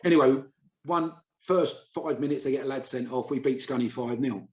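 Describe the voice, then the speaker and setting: A man's voice: mid-range voice, normal speed, darkish tone. Roomy, chatty male storyteller. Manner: chatty anecdotal storyteller, acts out quoted voices. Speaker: podcast guest, former footballer. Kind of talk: casual storytelling chat. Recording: roomy echo.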